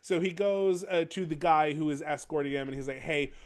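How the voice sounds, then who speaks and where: A man's voice: on the high side, fairly quick, darkish tone. A man co-hosting a podcast, recapping a book chapter in casual, rambling chat and acting out quotes from the characters. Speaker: podcast co-host.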